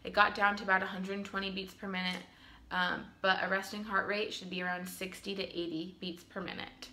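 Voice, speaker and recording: In a room at home, a woman in her twenties earnestly tells the camera her own birth story, casually and with frequent ums. Her voice is medium pitch and sharp, with little pitch movement and a brisk pace.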